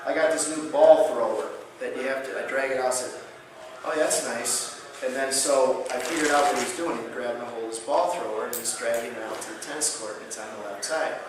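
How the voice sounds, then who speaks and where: A man giving a conference lecture, telling patient stories in an animated way and acting out the dialogue. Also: medium pitch, brisk, noisy background. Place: large conference hall. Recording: echoey hall from far off.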